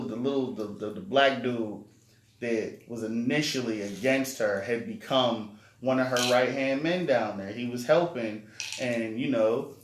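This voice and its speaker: A man's voice: mid-range voice, slight background noise. A man co-hosting a casual movie review, retelling the plot with jokes. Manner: joking, animated retelling. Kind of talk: casual chat. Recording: echoey room.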